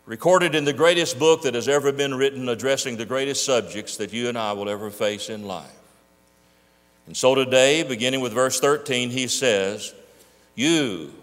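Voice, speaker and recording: A man preaching a sermon as pastor, stressing key words by slowing down and leaning on them. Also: mid-range voice, fairly bright tone, in a large hall.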